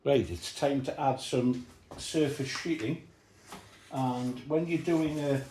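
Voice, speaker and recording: A man talking through a model build, relaxed and thinking aloud as he explains each step. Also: medium pitch, slow pace, a little hiss or hum. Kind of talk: workshop build commentary. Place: hobby workshop bench. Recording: roomy workshop echo.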